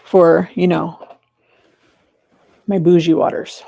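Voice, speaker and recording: A woman hosting a live stream from her desk, chatting casually and breaking into high excited cheers, on a clip-on mic. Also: takes it slowly, gravelly, long pauses, highs cut off. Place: home desk. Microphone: clip-on mic in her shirt.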